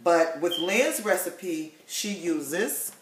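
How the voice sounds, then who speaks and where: A woman with a fairly low voice and an unhurried pace talks her viewers through a recipe, checking in with them every few sentences. Her voice bounces around a roomy home kitchen. A pan sizzles faintly behind her. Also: lively intonation, a little hiss or hum. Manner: chatty, tags sentences with "okay?" and "you guys". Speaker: home cook vlogger. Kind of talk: casual cooking demonstration.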